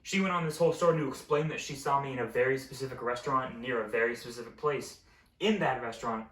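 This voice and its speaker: A man's voice: medium pitch, fast, fairly bright tone, recorded from a distance. A young man telling a school story in a casual vlog, exasperated and swearing freely. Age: young adult. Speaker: vlogger. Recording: roomy echo, set back from mic.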